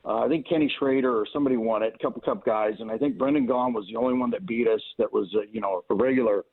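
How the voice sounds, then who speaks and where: A race car owner, calling in as a guest, rambles through a long string of casual racing stories, full of "you know" and restarted sentences. His mid-range voice is gravelly, steady in tone and very fast, coming through a thin, tinny phone line.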